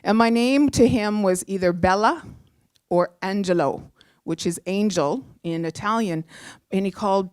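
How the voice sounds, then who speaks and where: A middle-aged woman tells a personal story on a live show, chatty and animated, with lots of small fillers and restarts. Her pitch is an ordinary middle, her delivery unhurried and clear with a resonant tone, and the recording is dry and close with no room echo.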